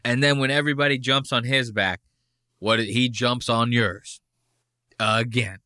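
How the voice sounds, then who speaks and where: A man's voice: mid-range voice, steady tone, measured pace, sharp tone, clean tone, no room sound, clean studio sound. A man hosting a podcast, reacting to a clip with brash, mocking, profane commentary. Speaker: podcast host.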